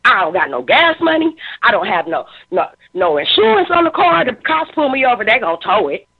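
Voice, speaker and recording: Her voice is a bit high, sing-song and slightly rough, moving fairly quickly as she, a talk show commentator in her fifties, drives home emotional points about society. She gets preachy and repeats words when stirred, and the line sounds tinny.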